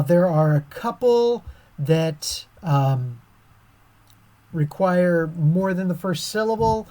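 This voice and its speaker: A woman's voice: sits low, mellow. A woman teaching a science lesson over a screen recording, chatty and casual with many fillers.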